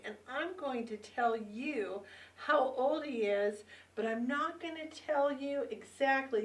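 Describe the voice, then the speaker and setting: A woman in her fifties, a bilingual teacher leading a lesson for young children, drawing out words slowly and prompting them to repeat after her. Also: high-pitched. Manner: slow, drawn-out words with call-and-response prompts. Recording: roomy echo, mic set far off.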